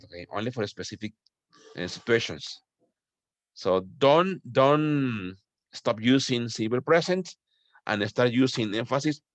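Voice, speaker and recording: A man's voice: mid-range voice, dry recording. A man teaching a classroom grammar lesson. He explains patiently, checks in with his students with frequent "okay?", and switches into Spanish to address them. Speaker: English teacher.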